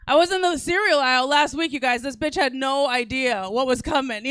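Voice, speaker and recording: A woman's voice: high voice, fairly quick, hardly any pauses, a bit bright, no room sound. A woman in her forties doing a brash, crude stand-up set on a comedy club stage, teasing the crowd.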